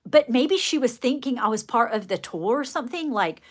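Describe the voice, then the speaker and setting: A woman's voice: fairly high pitch, animated, moderate pace, slightly rough. A woman telling a rambling story live to her viewers, chatty and folksy, full of fillers and restarts. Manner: folksy, addresses viewers directly. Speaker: live streamer. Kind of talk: casual live-stream storytelling.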